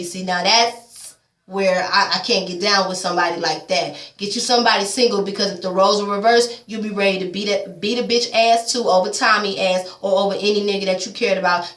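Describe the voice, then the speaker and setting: A woman's voice: medium pitch, fairly bright tone, distant mic. A woman giving a blunt, profane, chatty recap of a reality TV episode, full of casual asides. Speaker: TV recap vlogger. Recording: echoey room, voice away from mic.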